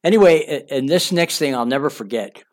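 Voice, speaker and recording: A man's voice: mid-range voice, expressive, a little fast. An older man reading his own memoir aloud, candid and conversational, speaking straight to the listener. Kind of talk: audiobook memoir narration.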